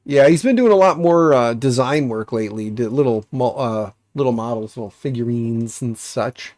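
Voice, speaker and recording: This livestream host is an American man whose voice sounds stuffy and nasal, sitting at medium pitch with a slightly mellow quality. He talks at a normal speed, joking and rambling with plenty of filler words. There's no room sound in the clip.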